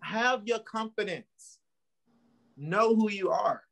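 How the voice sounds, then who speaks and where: A man's voice: high-pitched, slow, gravelly, a bit bright. A man co-hosting a casual podcast, speaking in an emphatic, motivational way and laughing easily. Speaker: podcast co-host.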